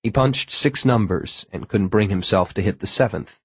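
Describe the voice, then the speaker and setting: Low-voiced male audiobook narrator. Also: husky, no room sound. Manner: steady, measured storytelling. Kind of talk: scripted narration.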